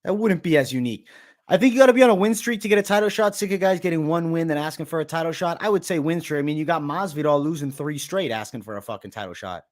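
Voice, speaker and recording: A brash man hosts a live stream, answering viewer questions in loose, casual chat. His voice sits a bit high for a man, and he swears freely and keeps calling people "bro.". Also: lively intonation, fast. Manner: profane, brash, peppered with "bro". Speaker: host of a live betting show.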